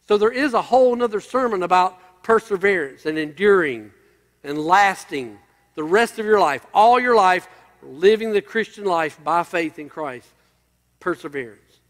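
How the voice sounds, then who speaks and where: A man's voice: sits high, animated, moderate pace, a bit bright, in a large hall. A male pastor preaching a sermon, emphatic and building through repeated phrases.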